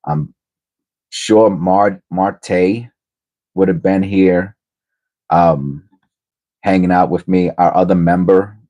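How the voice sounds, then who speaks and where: A man's voice: low voice, fairly even intonation, slow, long pauses, dark tone. A middle-aged man hosting his livestream, telling a rambling personal story in a casual, hesitant way with lots of fillers. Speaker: livestream host.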